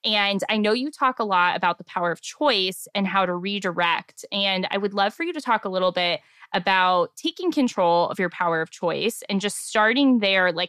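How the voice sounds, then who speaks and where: Young woman podcast host, super chatty, says like a lot, bright voice, dry sound. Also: medium pitch, smooth, dry recording. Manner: warm, affirming, chatty with many "like"s. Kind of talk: casual interview chat.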